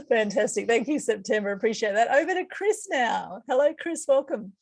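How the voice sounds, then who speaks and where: An upbeat woman hosts an online meetup over a video call. She talks in a chatty, loose way, with frequent fillers and quick restarts. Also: high-pitched, husky. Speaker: meetup host. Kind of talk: casual group video call.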